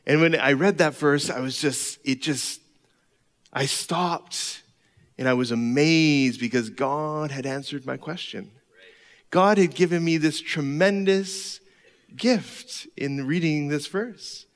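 A man's voice: a little high, takes it slowly, big-room sound. A middle-aged man preaching a sermon, telling a candid, self-deprecating personal story with laughs. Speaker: pastor.

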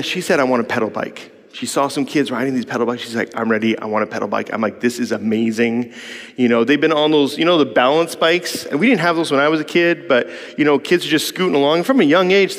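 A man casually telling a long family story as a father, animated and acting out his kids' lines. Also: big-room sound. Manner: animated, quotes his kids in higher voices.

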